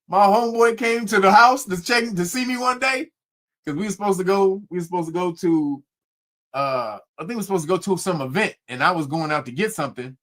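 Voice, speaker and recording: A middle-aged man hosting, telling a family story to viewers casually, swearing and laughing a lot. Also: high voice. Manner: animated, swearing, laughing often. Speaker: host.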